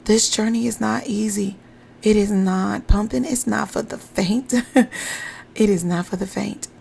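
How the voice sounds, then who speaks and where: A woman with a gravelly, creaky voice leads a motivational podcast, speaking encouraging affirmations into a podcast mic. Her phrases repeat for emphasis, and a faint hiss sits under the recording. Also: mid-range voice, fairly even intonation, measured pace, a little mellow. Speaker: podcast host and pumping coach. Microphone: podcast microphone.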